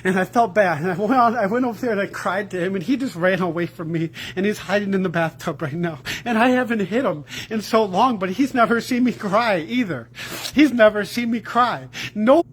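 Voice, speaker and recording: Tearful high-voiced man crying. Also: lively intonation, fairly quick, husky. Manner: rambling and profane, voice breaking. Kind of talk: emotional confessional video.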